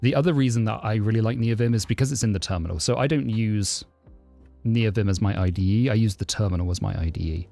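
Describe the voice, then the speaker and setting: A man's voice: fairly low pitch, fast, creaky, faint music behind. Chatty southern English man streaming live. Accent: southern English, close to received pronunciation but less posh. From southeast London, England. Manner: chatty, answers chat questions, thanks subscribers warmly. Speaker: livestreaming programmer. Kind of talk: casual live-stream chat.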